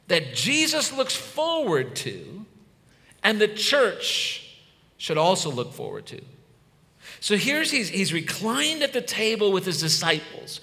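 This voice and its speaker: Pastor guy in his 50s preaching, bright ringing voice, big hall echo, goes loud then real quiet. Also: sits high, big pitch swings, a little slow. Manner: conversational, swings from loud emphatic to hushed and soft. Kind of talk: sermon. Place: church hall. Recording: long hall reverb.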